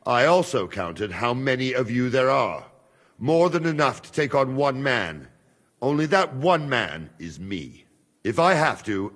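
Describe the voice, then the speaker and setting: An actor playing a steady, loyal guard who speaks in a calm, firm, measured way. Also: male voice, medium pitch, in a large hall. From Hungary.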